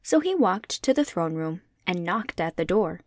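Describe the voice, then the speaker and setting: A woman podcast host reading a classic children's book aloud in an even narrating manner. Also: fairly low pitch, moderate pace, no room sound, studio quality. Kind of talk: storybook read-aloud.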